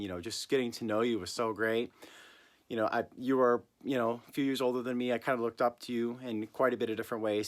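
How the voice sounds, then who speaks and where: A man's voice: medium pitch, fairly bright tone. A young man, a former camp counselor, giving an earnest video message full of you-knows.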